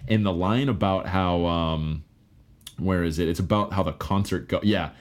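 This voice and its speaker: A man co-hosting a podcast in casual chat, talking in an animated way and often dropping in quick "okay" and "gotcha" replies. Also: sits low. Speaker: podcast co-host.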